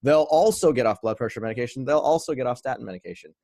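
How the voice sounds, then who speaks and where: A man's voice: mid-range voice, racing, darkish tone, no echo, clean studio sound. A man, co-host and coach, explaining things in an earnest, conversational way. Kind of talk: conversational interview.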